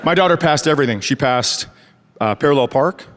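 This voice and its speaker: A man in his forties speaks briskly in a fairly high voice with lively intonation, performing stand-up through a handheld stage mic. He tells sarcastic stories about family and acts out the conversations, and the live crowd can be heard laughing.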